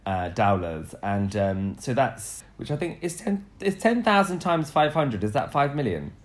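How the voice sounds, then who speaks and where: A man's voice: medium pitch, big pitch swings, measured pace. A man co-hosting a podcast in casual chat, rambling and restarting his sentences, often laughing. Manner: rambling, self-correcting, bursts of laughter. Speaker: podcast co-host.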